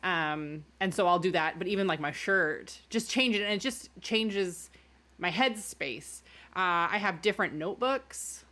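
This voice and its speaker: A woman co-hosting a podcast in casual chat, relaxed and often searching for words. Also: fairly low pitch, unhurried. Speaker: podcast co-host. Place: in-person studio recording.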